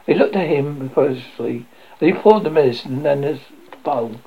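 A man reading a children's classic aloud, lively and prone to stumbles. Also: fairly high pitch, fairly quick, husky. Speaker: reader. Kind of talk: storybook reading. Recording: dull lo-fi recording.

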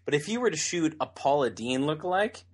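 A man co-hosting a podcast in easy, casual chat. He speaks in a dry, deadpan way and slips in sarcastic jokes without raising his voice much. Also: on the high side, a little fast, husky. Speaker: podcast co-host.

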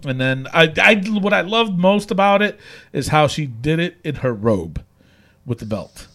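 Animated, gravelly-voiced man chatting. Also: a little high, moderate pace. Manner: animated, laughs often, lots of fillers. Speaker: podcast co-host. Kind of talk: casual chat recapping wrestling.

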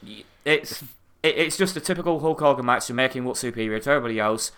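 Ranting man, bright voice. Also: mid-range voice, fast, clean tone. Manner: ranting, swears a lot, exasperated. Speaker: podcast co-host. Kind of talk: casual podcast chat.

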